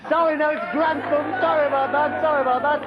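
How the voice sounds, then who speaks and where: An actor playing a flustered, chummy British quiz show host who calls contestants "my darling" and keeps apologising. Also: male voice, extremely high pitch, fairly even intonation, quick pace, over loud music, over a noisy crowd. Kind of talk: sketch comedy parody. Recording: lo-fi old TV tape with loud studio audience and noise. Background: loud studio audience.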